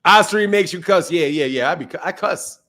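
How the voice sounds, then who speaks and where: Male stream host, slightly high voice, brash and profane, loose chatty delivery. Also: moderate pace, bright, forceful tone. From United States. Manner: swears freely, boastful and joking. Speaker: boxing channel host. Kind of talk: casual live-stream chat.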